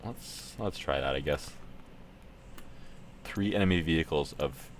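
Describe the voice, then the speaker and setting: Very deep-voiced Canadian man. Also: a little slow, slight background noise. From Ontario, Canada. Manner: casual, thinking aloud, matter-of-fact. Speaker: streamer. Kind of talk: live gameplay commentary.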